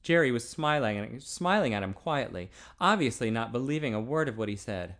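A man narrating a novel aloud in an expressive way. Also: fairly quick, few pauses. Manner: expressive, pitch swinging widely. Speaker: audiobook narrator.

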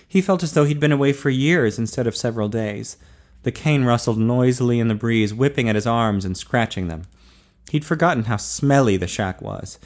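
Man narrating a novel, steady measured reading, mid-pitched. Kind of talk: audiobook narration.

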